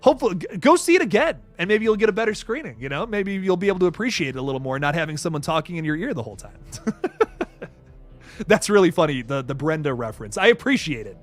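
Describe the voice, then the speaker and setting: A man's voice: high-pitched, sing-song, fast talker, faint music behind. A young man hosting a casual live stream, reading viewer messages, laughing often and swearing casually. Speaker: livestream host reading super chats.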